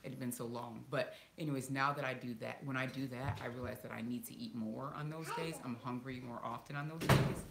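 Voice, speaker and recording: A woman's voice: very deep voice, fairly even intonation, a little fast, vocal fry, hardly any pauses. A woman in her thirties chatting casually with viewers from home, talking loosely with lots of ums and laughs. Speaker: vlogger answering viewer questions. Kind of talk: casual live Q&A chat. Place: home room. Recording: echoey room with faint hiss.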